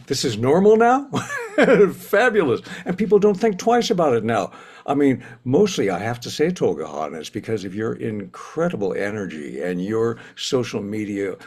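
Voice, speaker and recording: Older guy chatting excitedly at an online awards thing, voice swings up and down a lot, laughs a bunch. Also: fairly low pitch, breathy edge. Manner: enthusiastic, laughs often, lively storytelling. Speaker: honorary president of the institute. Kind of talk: casual online ceremony talk.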